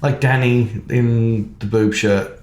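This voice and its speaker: A man co-hosting a podcast in casual chat, talking in a chatty, animated way and acting out quoted lines. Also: mid-range voice, slow pace. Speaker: photographer and podcast co-host. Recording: echoey room.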